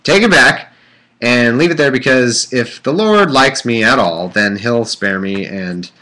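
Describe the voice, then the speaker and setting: A man's voice: mid-range voice, lively intonation, measured pace, sharp tone. A man reading the Bible aloud on a casual livestream, breaking off into irreverent jokes and rambling asides full of fillers. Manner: irreverent, joking asides between scripture passages; rambling with many fillers and restarts.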